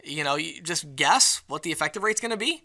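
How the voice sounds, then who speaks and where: A man giving a live sales training presentation at an event, lively and acting out the excuses customers give. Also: fairly high pitch, brisk. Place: event venue.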